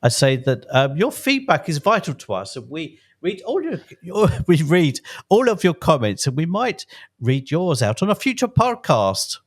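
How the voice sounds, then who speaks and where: A man's voice: fairly high pitch, very animated, moderate pace. A man co-hosting a casual podcast from a remote spot, tossing in playful quips and wordplay. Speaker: podcast co-host. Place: at home in a hot place, remote.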